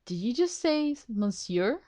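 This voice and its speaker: A woman hosting a game playthrough, tossing out casual, playful commentary between the lines she reads. Her voice is at an average pitch, and she is quick to break into giggles. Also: soft background music. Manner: playful, giggly, lively asides. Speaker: let's play host.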